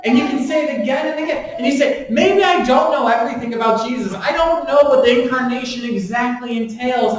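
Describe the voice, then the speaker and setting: A high-pitched male pastor preaches in a church sanctuary, his voice set back from the mic and ringing off the walls. He mixes jokes into the message and takes on the voices of the people in his story, now and then half-shouting. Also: heavy reverb, recorded from a distance, rough recording. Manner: animated and joking, voices the speakers in the story. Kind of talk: sermon.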